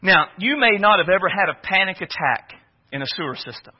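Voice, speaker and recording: A man preaching a sermon, telling a personal story in an animated way and often repeating words. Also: sits high, brisk, husky. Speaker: pastor. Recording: dull lo-fi recording.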